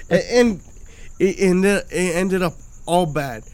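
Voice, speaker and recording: A man's voice: high-pitched, takes it slowly, darkish tone, a little hiss or hum. A young man telling a rambling, profane story in casual chat as a podcast host. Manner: profane, rambling, laughing retelling.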